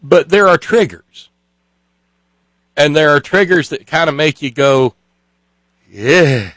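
A man's voice: fairly high pitch, fairly bright tone, dry recording, low-quality recording. A man co-hosting a casual chat, telling stories with frequent stops and restarts. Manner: halting storyteller with many restarts. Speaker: co-host.

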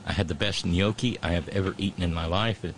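A man's voice: low voice, fast, a little hiss or hum. A man hosting his own radio show, talking to listeners in a loose, rambling monologue full of restarts and fillers.

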